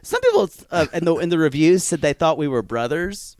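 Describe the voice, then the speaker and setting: A man co-hosting a podcast in casual comedic chat, animated and quick to laugh, slipping into mocking impressions. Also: a little high. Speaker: podcast co-host.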